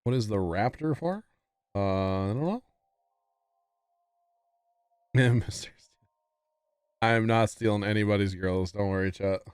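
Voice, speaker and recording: A man's voice: on the low side, normal speed, a little mellow, clear, resonant tone, no echo, studio quality. A man livestreaming a farming game, chatting casually with his viewers and often apologizing with a laugh. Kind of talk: casual gameplay commentary.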